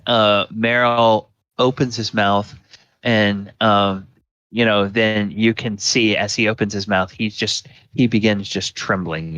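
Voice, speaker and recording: Slow, low-voiced male game master. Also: dry recording, dull audio. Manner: relaxed, halting, with many fillers. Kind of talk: narrating a tabletop game.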